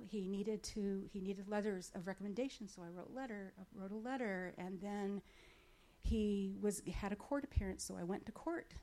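Woman telling a lively faith testimony. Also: medium pitch. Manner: animated storytelling with acted-out dialogue and frequent fillers. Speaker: speaker sharing a personal faith story. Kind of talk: storytelling testimony. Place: speaking from a stage to a gathering.

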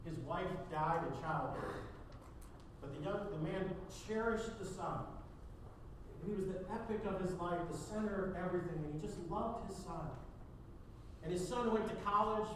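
A man pastor preaching a sermon, telling a story with dramatic swings from loud to hushed. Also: high voice, normal speed, noisy background. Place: church sanctuary. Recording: echoey church, picked up from a distance.

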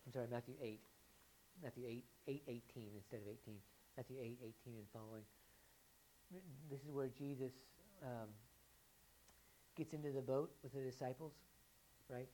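A woman with a deep, low voice preaching a sermon. She keeps asking her listeners questions and climbs to loud, emphatic peaks before dropping back to an easy, talking tone. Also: steady tone, moderate pace, slight background noise, poor audio.

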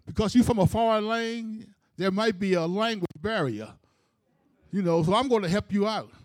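Retelling a scripture story, a preacher voices a proud, angry ancient king, pitched higher than his own already high voice. The king speaks with mock generosity and a taunting edge. The sound is close and dry. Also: animated, moderate pace, a little mellow, dry recording. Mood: mock-generous.

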